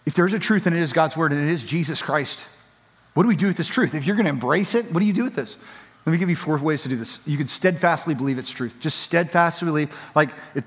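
Emphatic preaching man, high voice. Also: fairly quick, in a large hall. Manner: emphatic, repetitive preaching with rising intensity. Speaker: pastor. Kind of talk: sermon.

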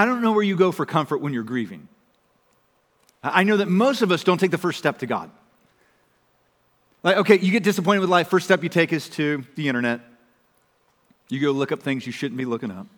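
A man preaching a sermon as a pastor, talking conversationally and swinging from raised emphasis to hushed, quiet lines. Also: high voice, in a large hall.

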